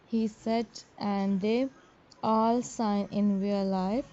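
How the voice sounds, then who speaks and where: A woman reading a fan story aloud, calling out each character's name before their lines in halting, simple phrasing. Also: a little high, flat delivery, mellow. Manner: halting, reads character names before each line with simple, non-native English phrasing. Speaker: fanfiction reader. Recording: dull lo-fi recording.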